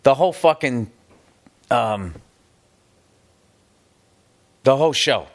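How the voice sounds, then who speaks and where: A man's voice: medium pitch, expressive, slow pace. A middle-aged man from the United States hosting a podcast, talking in a casual, comedic monologue that rambles and swears emphatically. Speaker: podcast host.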